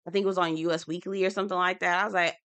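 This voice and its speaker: Bright-voiced sassy woman recapping TV. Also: lowish voice, level tone, very fast, clean tone. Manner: chatty, sassy, repeatedly asks viewers to comment. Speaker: TV recap YouTuber. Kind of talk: casual reality TV commentary.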